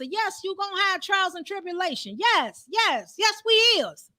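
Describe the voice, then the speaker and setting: A woman's voice: very high-pitched, very animated, measured pace, pushed and bright. A woman preaching a live-streamed sermon in a fervent, repetitive, conversational way.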